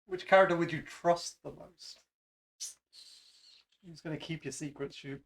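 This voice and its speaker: A man's voice: a little high, steady tone, unhurried. A man co-hosting a casual Q&A chat, asking questions and giving short, agreeable replies.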